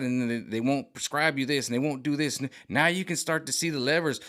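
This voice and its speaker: A man's voice: mid-range voice, fairly quick, fairly bright tone. A middle-aged man talking in a rambling, agitated vlog monologue, repeating himself and restarting often. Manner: mimics other voices sarcastically. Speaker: vlogger.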